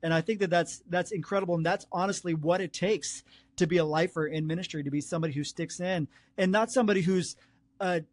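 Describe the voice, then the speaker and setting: A high-pitched man's voice, recorded close and dry. He hosts a casual podcast interview and speaks in a chatty, encouraging way to his guest. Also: fast, dry recording. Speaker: podcast host, worship pastor.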